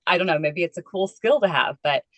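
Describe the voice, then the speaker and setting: A woman with a notably low voice chats on a podcast, talkative and self-deprecating. The sound is dry and close. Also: lively intonation, brisk, dry recording, dull audio. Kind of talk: casual chat.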